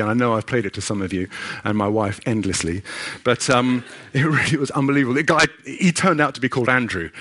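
A man's voice: medium pitch, fairly bright tone. Man preaching with earnest personal testimony. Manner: earnest storytelling with frequent restarts.

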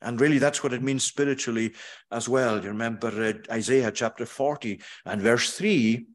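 Man preaching a measured sermon. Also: mid-range voice. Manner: measured, with frequent hesitations and slow emphatic scripture quotes. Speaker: pastor.

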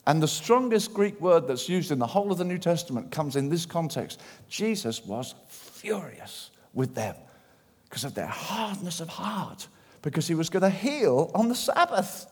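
A man preaching a sermon in church, animated and acting out the voices of people he quotes. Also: a little high, normal speed, breathy edge. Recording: long hall reverb.

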